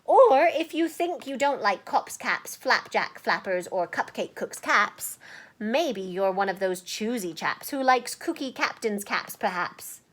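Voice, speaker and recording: A woman's voice: medium pitch, animated, measured pace, fairly bright tone. A woman reading a children's picture book aloud, playful and chatty, with asides between the verses and sometimes dropping to a whisper.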